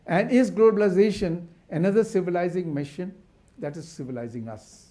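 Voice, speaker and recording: A man's voice: high voice, a little fast, mellow. A man giving an impassioned symposium talk, asking rhetorical questions with frequent restarts. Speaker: conservation academic speaker.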